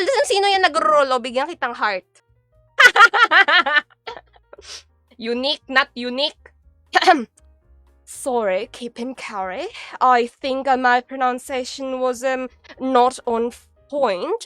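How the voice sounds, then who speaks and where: A chatty young Filipino woman hosts a cooking stream, answering viewers' comments as she goes. Her voice sits a little high and rings bright, with a Filipino accent. The sound is close and dry, with soft music playing underneath. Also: dry recording. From Philippines. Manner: chatty, reads chat aloud and answers viewers; mixes Tagalog and English. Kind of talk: casual live-stream chat while cooking.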